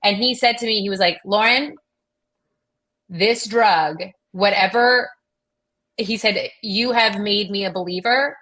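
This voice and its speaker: A woman's voice: medium pitch, measured pace, sharp tone. A middle-aged woman telling a rambling personal story in casual chat, full of fillers and quoted dialogue. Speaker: guest.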